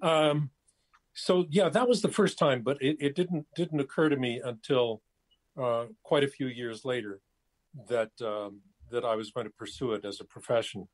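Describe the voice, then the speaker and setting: This is a man in his seventies with a mid-range voice, a guest chatting casually in an interview over his cell phone. He sounds hesitant, pausing often with fillers and restarts.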